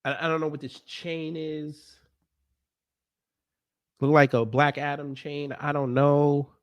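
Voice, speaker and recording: A man's voice: a little high, flat delivery, slow pace, no room sound, lo-fi sound. A man reacting to clips in casual commentary, sarcastic and exasperated, stammering through restarts. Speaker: commentary vlogger.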